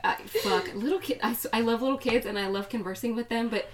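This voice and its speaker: A woman's voice: on the high side, fast talker, distant mic, a crowd in the background. A woman chatting bluntly and profanely about a film with friends. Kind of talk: casual film discussion.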